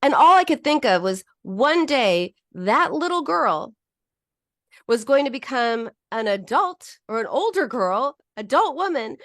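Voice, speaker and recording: Woman, psychologist host, lively swooping pitch, slightly high voice, dry close sound. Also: dry recording. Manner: animated, acts out quoted voices, frequent restarts. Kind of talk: casual teaching monologue with anecdotes.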